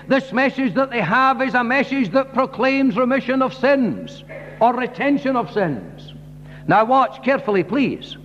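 A man with a high voice preaches with earnest emphasis and keeps pressing his listeners with direct questions. His voice rings out across a large hall with a long echo. The recording is dull and muffled, with a faint hum underneath. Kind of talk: sermon.

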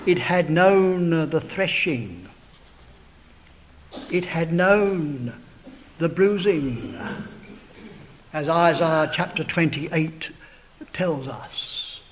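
A man preaching a sermon in a slow, dramatic way, swelling to loud emphatic peaks and sinking to hushed tones. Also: fairly high pitch, animated, slight background noise, poor audio. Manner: addresses listeners as brethren, beloved brother.

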